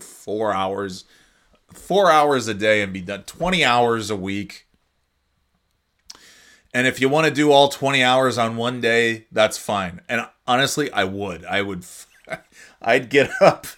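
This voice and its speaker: A man's voice: medium pitch, a bit bright. A man hosting a casual solo podcast, rambling through his thoughts with frequent restarts, swearing and chuckles. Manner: chuckles often between phrases. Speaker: podcast host.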